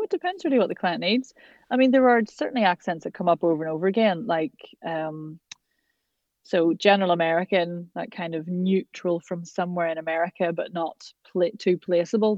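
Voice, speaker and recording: An Irish woman who works as a voice and accent coach chats enthusiastically in a casual interview, full of quick asides. Her voice is lowish and darkish, captured in a dry, lo-fi recording.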